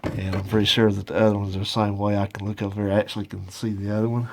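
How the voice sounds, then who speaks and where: This mechanic and channel host speaks quickly and flatly in a lowish voice, with a little hiss or hum on the recording. He films himself on a handheld phone outdoors, talking through a car repair in a folksy, hands-on way.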